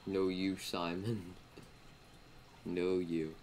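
A man's voice: sits low, flat delivery, drawn-out words, a little mellow. A young man giving casual, teasing commentary while playing a game with a friend. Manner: joking, teasing banter. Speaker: gaming YouTuber. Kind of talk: casual let's-play commentary. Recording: noisy gameplay capture.

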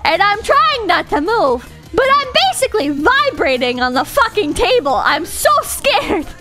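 A woman's voice: extremely high pitch, big pitch swings, moderate pace, music in the background. A woman streamer telling a story in a casual, rambling way, swearing and giggling often. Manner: rambling, profane, giggly, with frequent restarts.

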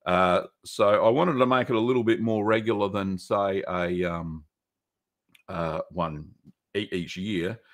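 A man's voice: deep voice, fairly even intonation, measured pace. An Australian man hosting a live stream, answering viewer questions in a rambling, easygoing way with many fillers. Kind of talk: casual live-stream chat.

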